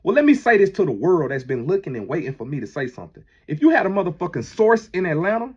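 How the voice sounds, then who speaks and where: Heated, husky man ranting. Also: sits high, big pitch swings, fast, dull audio. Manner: heated, profane, preachy, rising to near shouting. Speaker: manager addressing critics. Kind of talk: impassioned monologue.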